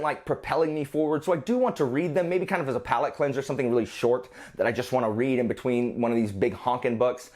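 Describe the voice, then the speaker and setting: A man's voice: mid-range voice, a little mellow. A man reviewing books in a casual vlog, rambling and often restarting his sentences. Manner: rambling, self-interrupting, frequent restarts. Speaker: book reviewer.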